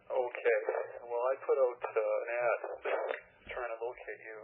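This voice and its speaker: A man's voice: medium pitch, flat delivery, a little slow, breathy edge. Hesitant male caller on a phone line. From Canada. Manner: hesitant, rambling, many fillers. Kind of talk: phoning in to a radio show. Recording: tinny telephone line on radio.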